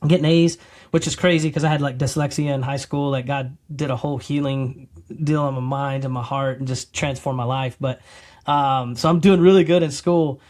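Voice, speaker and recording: A middle-aged podcast guest relates his testimony at normal speed in a medium-pitched voice. It's a casual, rambling account with many restarts, and he acts out his quotes with animated flair.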